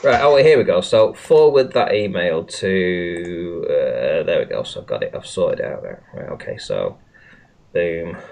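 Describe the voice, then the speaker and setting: A man's voice: low voice, lively intonation, measured pace, creaky, darkish tone. Exasperated, swearing livestream host man. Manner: exasperated, swears a lot, restarts often. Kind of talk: casual livestream talk.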